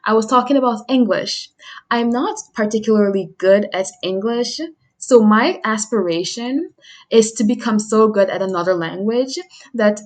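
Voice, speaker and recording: A woman's voice: mid-range voice, a little mellow. A young woman streamer chatting on her own in a casual, rambling way, drifting onto tangents with small laughs. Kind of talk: casual solo chat.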